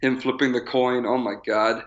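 A man's voice: medium pitch, flat delivery, moderate pace. A man co-hosting a podcast in casual chat, enthusiastic and laughing between phrases. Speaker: podcast co-host. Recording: slightly dull lo-fi mic.

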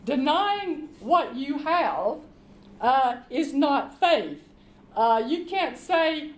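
A woman preaching a sermon, reading scripture slowly and emphatically and calling the congregation to respond. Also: sits high, expressive. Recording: echoey room with faint background noise.

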